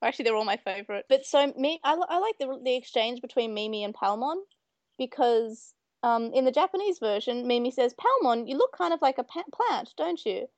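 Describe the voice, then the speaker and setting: A woman with a high, bright voice talking in relaxed conversation. She retells scenes with energy and jumps into playful voices for the quotes. The recording is close and dry. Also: a little fast, no room sound, dull audio. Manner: animated, acts out quoted lines. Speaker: podcast co-host. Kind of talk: casual chat.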